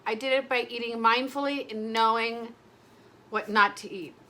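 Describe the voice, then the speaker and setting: A woman's voice: fairly high pitch, fairly even intonation, normal speed, sharp tone. A middle-aged woman vlogging in casual chat, rambling and emotional, often breaking off mid-sentence. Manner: rambling, emotional, self-interrupting.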